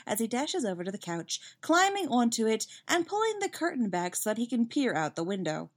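A woman reading a fan story aloud with lively, expressive narration. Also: mid-range voice, normal speed, few pauses. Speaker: fanfiction reader.

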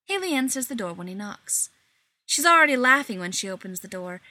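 A woman narrating a short story in an unhurried, expressive way. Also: fairly high pitch, no room sound.

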